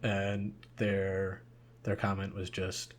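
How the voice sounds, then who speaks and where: A man's voice: low voice, completely flat delivery, slow pace, a little hiss or hum. A young man co-hosting a podcast in casual chat, rambling and hesitant with many fillers. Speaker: podcast co-host.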